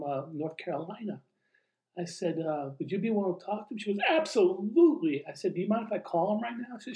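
Animated male storyteller, roomy echo. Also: fairly high pitch. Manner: animated, acts out quoted dialogue. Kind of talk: recounting a true personal story.

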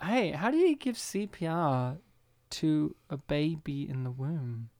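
A man's voice: a little high, animated, a little slow, darkish tone. A man co-hosting a podcast, teasing his friends and riffing on jokes in casual chat. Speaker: podcast co-host.

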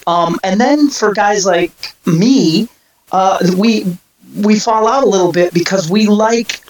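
A man chatting casually about music, telling long stories with many restarts and quick asides. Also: sits high, a little hiss or hum, poor audio. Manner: rambling storyteller, many restarts. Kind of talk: casual chat.

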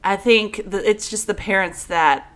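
A woman co-hosting a casual chat, frank and animated, acting out what people say as she tells stories. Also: mid-range voice, normal speed. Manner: animated storyteller who acts out quotes. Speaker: podcast co-host.

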